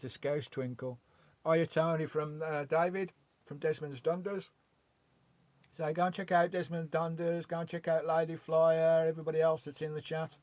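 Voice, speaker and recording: A man's voice: medium pitch, a little mellow. A man chatting casually on a live stream from his campervan, reading out chat messages in a rambling way with mild swearing. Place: parked in a campervan.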